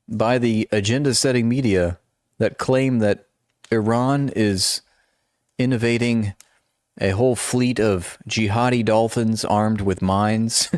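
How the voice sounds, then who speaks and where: A man's voice: medium pitch, a little mellow, dry recording, studio quality. A man running a live-stream commentary, reading articles aloud and breaking off into sarcastic, mocking asides.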